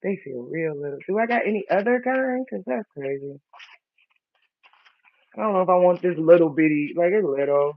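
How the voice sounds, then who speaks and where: A vlogger with a high-sitting, animated voice and vocal fry chats casually while setting up seeds for his first garden. He pokes fun at himself and stumbles reading planting instructions aloud, in a dry, tinny, phone-like recording with no echo.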